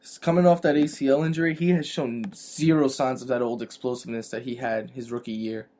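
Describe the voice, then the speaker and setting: A man's voice: medium pitch, level tone, a little fast, darkish tone. A man co-hosting a fantasy football podcast, casually making his case with stats. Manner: earnest, stat-citing, argumentative. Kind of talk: casual sports chat.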